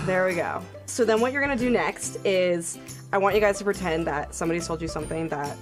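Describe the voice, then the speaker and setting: A woman's voice: lowish voice, fairly quick, music in the background. A young woman coaching a screaming vocal tutorial, upbeat and encouraging, demonstrating with sighs and growls.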